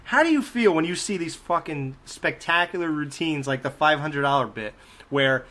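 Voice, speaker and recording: Profane, laughing man with a fairly high voice. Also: normal speed. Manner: profane, animated, laughing as he talks. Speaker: podcast host. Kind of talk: casual chat.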